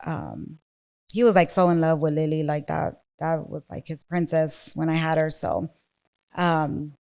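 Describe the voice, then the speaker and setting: A woman telling her own story as a podcast guest, earnest and halting. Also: sits low, vocal fry, warm tone. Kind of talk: casual chat.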